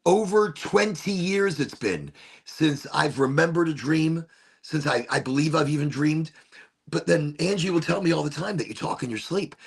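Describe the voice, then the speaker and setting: A man hosting a casual talk show, musing in a rambling, animated way while smoking, often repeating his phrases. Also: a little high, moderate pace, vocal fry, breathy edge. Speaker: podcast host.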